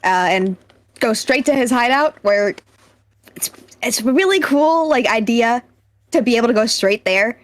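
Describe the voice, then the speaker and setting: Higher-voiced teasing woman podcaster. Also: expressive, moderate pace, no room sound. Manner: teasing, blunt, swears casually. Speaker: podcast co-host. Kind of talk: casual chat recapping a film.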